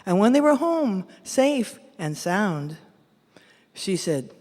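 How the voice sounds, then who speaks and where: A woman from San Jose performing a bilingual folk tale live, animated and mixing Spanish with English. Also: medium pitch, slow. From San Jose, California. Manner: animated, switches between Spanish and English phrases. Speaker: storyteller. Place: large event hall. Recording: echoey hall from a live event.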